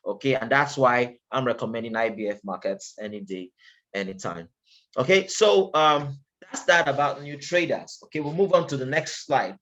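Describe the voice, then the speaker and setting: Man, webinar presenter; conversational and emphatic, ordinary mid pitch, frequent rhetorical questions. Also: fairly bright tone. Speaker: webinar presenter for a trading broker. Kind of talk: casual webinar lecture.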